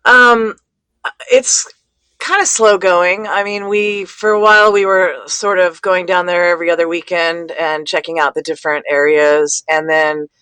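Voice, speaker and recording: Halting woman guest with a dry sound. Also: on the low side, fairly even intonation, sharp tone, clear, resonant tone, dry recording. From California. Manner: halting, with many fillers and restarts. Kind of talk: casual conversation.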